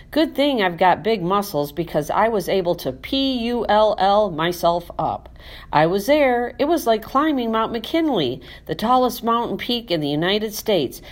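A woman narrating a children's storybook in first person as a classroom pet, reading in an animated, expressive way. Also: medium pitch. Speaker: audiobook narrator.

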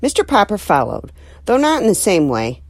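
A woman reads a children's novel aloud as an audiobook, telling it expressively. Her pitch moves a great deal through the lines, sitting mid-range for a woman. The recording is close and dry. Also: normal speed, dry recording. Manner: expressive, animated storytelling. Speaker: narrator.

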